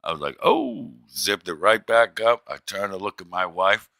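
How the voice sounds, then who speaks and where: A man's voice: low-pitched, moderate pace, sharp tone, no echo, clean studio sound. A middle-aged man streaming, telling a rambling, profane story in a wry, casual way.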